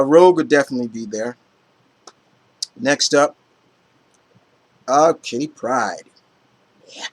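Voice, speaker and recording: A man talking casually to his viewers at a middle pitch. He is chatty and enthusiastic, and he rambles, restarts and fills the gaps with "uh" and "you know." His pitch sits mid-range and he rarely settles into a steady rhythm. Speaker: vlogger. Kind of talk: casual chat.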